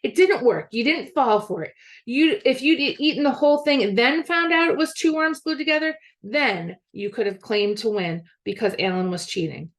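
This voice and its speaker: A woman doing a loud argumentative boy. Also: fairly high pitch, moderate pace, pitched above the performer's own voice, close to an everyday voice. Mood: arguing.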